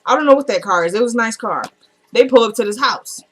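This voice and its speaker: A woman's voice: fairly high pitch, lively intonation, fast talker, a bit bright, husky. A woman casually recapping a TV drama episode, retelling scenes through quoted dialogue.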